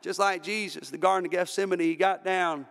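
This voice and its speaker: A Southern American man preaching a Baptist sermon with fervor, his voice sitting high for a man. He builds to shouts at the peaks. His words ring through a church sanctuary with a long reverb tail. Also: fairly even intonation, brisk, gravelly. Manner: fervent, rises to shouting at peaks. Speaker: pastor.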